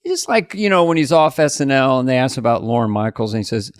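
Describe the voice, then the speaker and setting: A man's voice: mid-range voice, a little fast, dry recording, studio quality. A middle-aged man co-hosting a podcast, telling stories in casual chat and imitating the voices of the people he quotes. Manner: animated storyteller who mimics the people he quotes. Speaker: podcast co-host.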